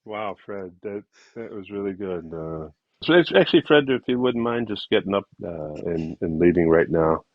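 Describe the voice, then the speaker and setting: A man's voice: deep voice, moderate pace, no room sound. A male podcast co-host recapping baseball in a rambling, casual way with many fillers. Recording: dull lo-fi recording.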